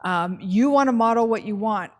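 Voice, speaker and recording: Woman running a workshop, brisk and chatty. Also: a little high. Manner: brisk, conversational, with checks like "okay?". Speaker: trainer. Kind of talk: workshop training talk.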